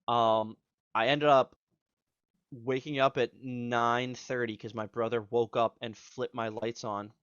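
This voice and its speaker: A man's voice: mid-range voice, level tone, a little slow, fairly bright tone, clean tone, no room sound. A man in his twenties, a podcast co-host, telling a rambling, profane story in casual chat and acting out what people said. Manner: rambling, profane, acts out quotes. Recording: slightly dull, dry audio.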